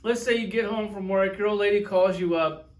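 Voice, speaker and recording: High-voiced man ranting about toys. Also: fairly even intonation, fairly quick. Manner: profane, sarcastic storytelling; riffs with acted-out quotes. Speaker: toy reviewer. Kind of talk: casual vlog rant and review.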